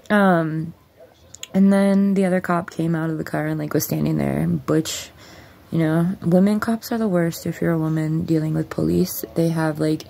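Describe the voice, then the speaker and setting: Low, gravelly woman telling a story. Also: a little hiss or hum. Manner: blunt, profane, animated retelling. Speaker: vlogger. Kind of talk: casual storytime. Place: at home.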